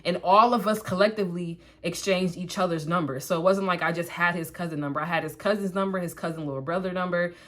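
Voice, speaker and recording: A young woman tells a personal story to her viewers while she does her makeup. Her talk is chatty and animated, and it is full of asides and "like" fillers. She keeps an easy, conversational tone throughout. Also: fairly low pitch, fast, hardly any pauses. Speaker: vlogger.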